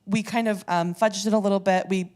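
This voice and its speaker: A woman from a community theater speaking off the cuff at a church service, emotional, halting and laughing between phrases as she thanks the congregation. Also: mid-range voice, steady tone, a little mellow. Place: church sanctuary.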